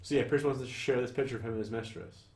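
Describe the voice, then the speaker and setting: A man's voice: medium pitch, very fast. Scottish man recapping a film, roomy sound. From Scotland. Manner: animated storytelling, swears freely, acts out lines from scenes. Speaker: podcast co-host. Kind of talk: casual film recap chat. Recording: roomy echo.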